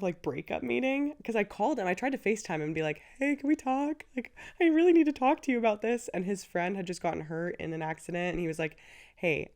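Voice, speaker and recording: A woman's voice: on the low side, creaky, darkish tone. A woman in her twenties hosting her own show, telling a personal story in a candid, chatty, emotional way, with many "like"s and "you know"s. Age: 20s. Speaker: podcast host.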